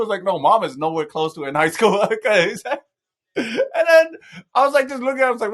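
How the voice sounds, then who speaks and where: Young male podcast host, bright forceful voice, animated storyteller who swears a lot. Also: sits high, fairly quick. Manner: animated, swearing, voices people in stories loudly. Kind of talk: casual comedic storytelling.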